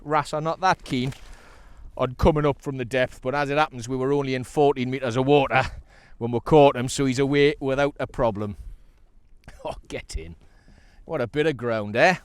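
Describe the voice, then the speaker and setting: A man with a North East English accent talking casually to the camera from a sea kayak while he fishes, chatty and excitable, laughing often and talking to the fish. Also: medium pitch, normal speed, smooth, dry recording. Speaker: kayak angler.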